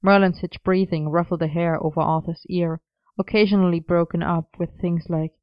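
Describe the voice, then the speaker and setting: A narrator reading a romance story aloud in a steady, even storytelling manner. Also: medium pitch, moderate pace, clear, resonant tone, no room sound, dull audio.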